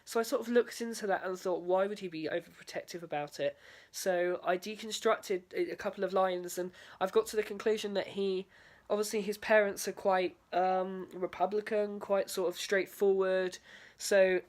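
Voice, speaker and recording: A woman's voice: medium pitch, steady tone, moderate pace. A young woman, a drama student, talking through a spoken video diary in a hesitant way, full of fillers and "sort of".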